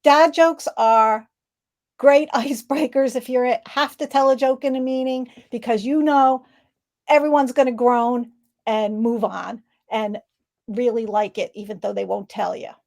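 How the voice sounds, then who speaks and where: Her voice is on the high side, steady and a little mellow, with vocal fry and a slightly slow pace. Talking upbeat on a video call, she presents on laughter and guides exercises, modeling rhythmic ho ha he laughs.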